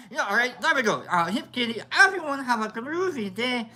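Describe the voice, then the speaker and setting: A woman putting on a wobbly fake Scottish accent that slips into other accents as she reads out chat in a loose, rambling livestream. Her bright voice swings widely up and down, playful and self-mocking, with casual swearing. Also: on the high side, lively intonation, moderate pace, hardly any pauses. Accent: put-on Scottish accent, drifting into other accents. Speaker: livestream host reading chat. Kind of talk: casual live-stream chat.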